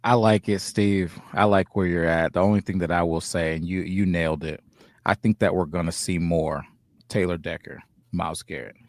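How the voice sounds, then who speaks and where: Low gravelly guy on a football podcast, slow with lots of uhs, dry sound. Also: steady tone, no room sound. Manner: measured, halting delivery with many fillers. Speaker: co-host. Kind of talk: casual sports podcast chat.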